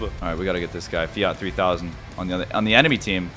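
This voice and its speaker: A man giving excited gameplay commentary as a gaming YouTuber, yelping and repeating himself as the action unfolds. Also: on the low side, fast, few pauses, faint music behind. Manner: excitable, yelps and repeats phrases.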